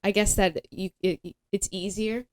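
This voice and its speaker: Rambling, animated young woman host. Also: mid-range voice, a little slow. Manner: rambling and animated, full of fillers and laughs. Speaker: podcast host. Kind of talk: casual chat.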